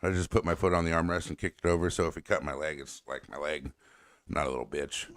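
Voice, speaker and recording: A man with a very deep voice chats loosely on a talk show and rambles from one story to the next. He laughs often, swears freely and sounds close and dry, with no room around him. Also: steady tone, fast talker, a bit bright, no echo. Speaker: podcast co-host. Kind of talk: casual chat.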